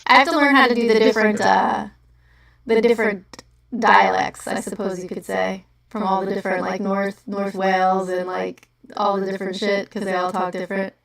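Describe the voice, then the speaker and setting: A woman's voice: mid-range voice, little pitch movement, gravelly. A woman from New Jersey with a New Jersey accent, hosting a livestream in rambling, profane casual chat. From New Jersey, USA. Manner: rambling, profane, quick to laugh. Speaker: livestream host. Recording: echoey room, far from the mic.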